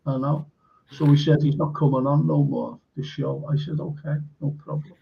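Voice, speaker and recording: A man's voice: a little high, little pitch movement, normal speed, vocal fry. A man hosting a live stream, reading viewer comments aloud and chatting casually with fillers. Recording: dull lo-fi stream audio.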